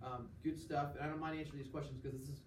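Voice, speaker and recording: A man's voice: fairly high pitch, level tone, racing. A man teaching a class, explaining step by step, checking in with the students and acting out small examples. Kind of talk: classroom lecture. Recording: echoey classroom from far off, faint noise.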